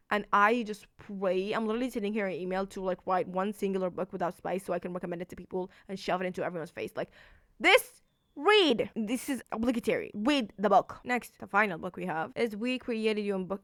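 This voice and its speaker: A woman talks about her favorite reads at a mid pitch, chatty and rambling, leaning on "like" and hopping excitedly from point to point. Her voice is recorded close and dry, with almost no room sound. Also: no room sound. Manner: chatty and rambling, heavy use of "like"; excitable, jumps between topics. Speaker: book reviewer. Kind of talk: casual book review vlog. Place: indoors at home.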